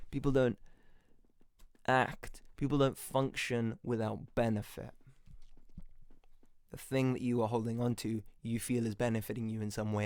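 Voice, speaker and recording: A man hosting a podcast, giving a lively motivational monologue that he argues through in questions and answers. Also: mid-range voice, normal speed, no room sound. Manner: animated, playful, acts out little voices; talks to himself in questions and answers. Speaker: podcast host.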